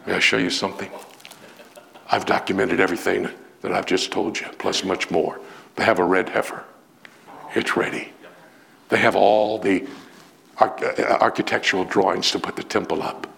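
A male preacher delivering a storytelling sermon in a dramatic, animated way with emphatic pauses. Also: low-pitched, creaky.

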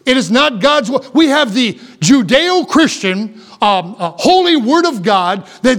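A man's voice: extremely high pitch, fairly bright tone. A middle-aged man preaching a sermon as pastor, earnest and emphatic, with repeated phrases.

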